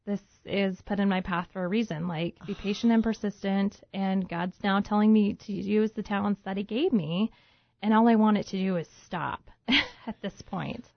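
A woman's voice: mid-range voice, normal speed, creaky, dry recording. A woman guest in an interview telling a personal story and acting out what she thought and said back then. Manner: lively storyteller who acts out her own past thoughts. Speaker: guest, home baker turned business owner. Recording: dull, muffled lo-fi sound, dry.

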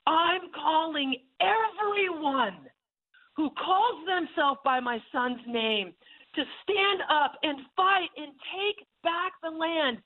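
A woman voicing the angry, commanding voice of God. She gives loud, urgent calls to rise up and fight, over a tinny phone line. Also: extremely high pitch, animated, slow pace, voice pushed up, exaggerated voice. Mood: rallying.

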